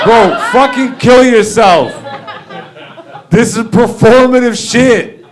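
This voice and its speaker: A man's voice: extremely high pitch, slow pace, long pauses, a faint crowd. A man in his thirties doing a profane, brash stand-up comedy rant on a club stage. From Canada. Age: 30s.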